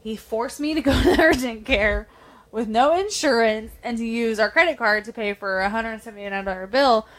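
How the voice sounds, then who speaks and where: High-voiced woman swearing through a story. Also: normal speed. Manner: animated, profane storytelling. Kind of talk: casual chat.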